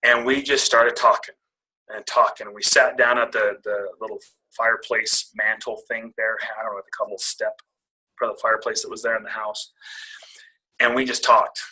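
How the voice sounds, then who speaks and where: A man's voice: lowish voice, level tone, moderate pace, sharp tone, poor audio. A middle-aged man speaking as a guest, telling a candid, self-deprecating personal story to make a motivational point. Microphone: call audio.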